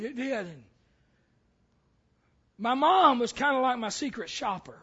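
A man preaching a sermon as pastor, telling stories and stumbling over repeated words before building to loud, emphatic calls. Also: very high voice, animated, unhurried, husky, muffled recording.

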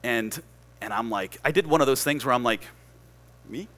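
Bright-voiced man preaching a sermon. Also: mid-range voice, a little fast. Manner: storytelling, rising to loud emphatic peaks.

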